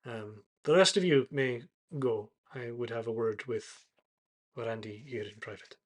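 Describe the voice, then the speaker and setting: Man voicing a courteous old high priest. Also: lightly acted. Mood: formal. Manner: formal, courteous, measured. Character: stately male high priest of a temple.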